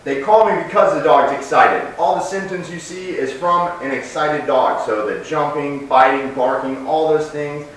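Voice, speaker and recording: Man dog trainer, explaining calmly, snapping short commands, very echoey room, mic far off. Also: on the high side, moderate pace, few pauses. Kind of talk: instructional commentary while training. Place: home training space with dogs. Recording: very echoey room, distant mic, faint noise.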